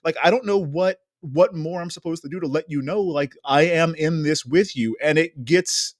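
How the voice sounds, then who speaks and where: A man's voice: a little high, normal speed, dry recording, clean studio sound. A man co-hosting a podcast, chatting casually about a reality show in a wry, exasperated way and swearing now and then. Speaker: podcast co-host. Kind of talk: casual reality-TV recap chat.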